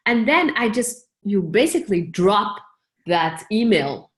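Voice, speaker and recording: A woman's voice: mid-range voice, lively intonation, moderate pace. A woman choreographer, a guest in a conversational interview, talking in loose running phrases, laughing often and acting out her own quoted asides.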